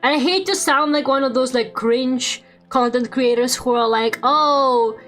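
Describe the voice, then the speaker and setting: High-voiced young woman, rambling. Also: fairly even intonation, normal speed, faint music behind. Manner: rambling, swears a lot, laughs often. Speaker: streamer. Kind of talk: casual chat while drawing on stream.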